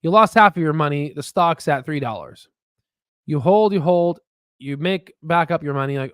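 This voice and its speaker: A man hosting a casual stock market video, rambling and excitable, with frequent profanity and restarts. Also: fairly high pitch, normal speed, smooth, no echo, studio quality. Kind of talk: casual market commentary with screen share.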